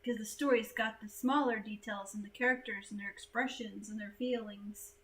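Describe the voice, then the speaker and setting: A woman from the United States hosting a casual livestream chat, chatty and animated, laughing easily. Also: medium pitch, moderate pace, a little hiss or hum, rough recording.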